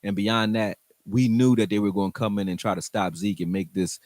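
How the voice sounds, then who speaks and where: A man with a fairly low, slightly mellow voice hosts a sports show, breaking down football film in casual, frank, slangy talk with some swearing, addressing his viewers directly. He speaks briskly in a steady tone with hardly any pauses, and the recording is dry.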